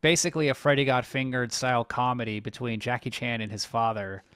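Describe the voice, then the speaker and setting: A man's voice: mid-range voice, fairly even intonation, brisk, a bit bright, clean tone, no room sound. A young man co-hosting a podcast, bluntly recapping a movie plot in casual, profane chat. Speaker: podcast co-host.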